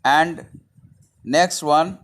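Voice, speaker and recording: A man's voice: a little high, drawn-out words, a bit bright. A man teaching a language lesson, who says each word several times and spells it out letter by letter. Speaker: Hindi teacher.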